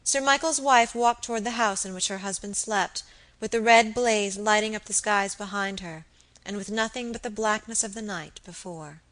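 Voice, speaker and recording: A woman narrating an audiobook in a measured, even storytelling voice. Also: medium pitch, low-quality recording. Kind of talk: scripted narration.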